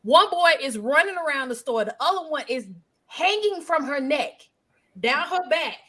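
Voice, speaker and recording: Sex: woman. Role: podcast host. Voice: high-pitched. Style: casual chat, animated storytelling with quick asides.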